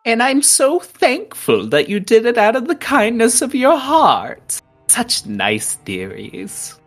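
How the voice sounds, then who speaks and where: A woman's voice: low-pitched, big pitch swings, takes it slowly, slightly rough, soft background music, voice pushed up, full character voice. A woman voicing a sly, sickly sweet old hag granny who calls everyone dearie. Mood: sugary scheming.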